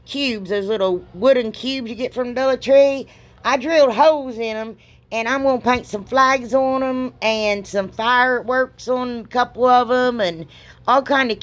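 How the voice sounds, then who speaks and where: A middle-aged woman, rambling and joking at herself as she narrates a craft project with folksy exclamations. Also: mid-range voice. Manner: chatty, rambling, self-deprecating, folksy exclamations. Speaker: craft video host. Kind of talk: casual crafting voice-over.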